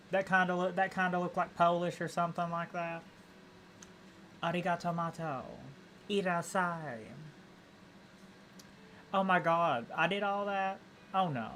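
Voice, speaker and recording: A goofy male streamer talking over his game in a slightly high voice, rambling and tripping over words as he chuckles at his own play. A faint hiss runs underneath. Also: fairly even intonation, moderate pace, a bit bright. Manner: goofy, rambling, laughs at himself. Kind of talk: casual let's-play commentary.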